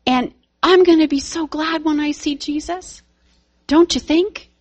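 A woman's voice: high-pitched, steady tone, unhurried, dry recording, voice pushed up. A woman telling a story voices a cheerful, humble young man who writes tracts, speaking eagerly with a lifted voice. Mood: joyful.

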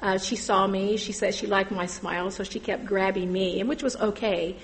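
A woman's voice: mid-range voice, fairly even intonation, rough recording. Earnest middle-aged woman sharing testimony. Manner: earnest, halting storytelling with many fillers. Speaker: church volunteer sharing testimony. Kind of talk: personal testimony to a group.

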